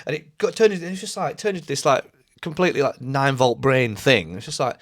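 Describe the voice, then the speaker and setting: A man's voice: mid-range voice, fast talker, a bit bright, no echo. A man in his forties co-hosting a podcast, telling stories in casual chat and swearing freely. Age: 40s. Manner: swears freely, acts out quoted voices. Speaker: podcast co-host.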